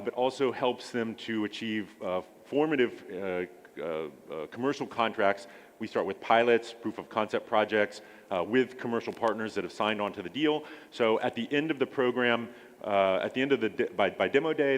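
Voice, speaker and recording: A man pitching his startup accelerator at a conference, hesitant, with many filler sounds and restarts.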